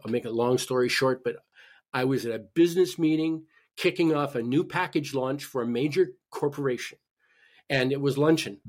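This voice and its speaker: A man, a guest on a talk podcast, telling a personal story in an animated way with frequent restarts. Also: mid-range voice. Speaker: podcast guest, spiritual healer. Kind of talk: personal story told in conversation.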